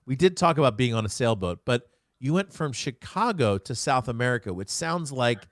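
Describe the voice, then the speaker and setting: A man's voice: medium pitch, big pitch swings, moderate pace, no echo. Man, talk show host, joking rambling chat, dry close sound. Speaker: podcast host. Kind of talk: casual interview chat.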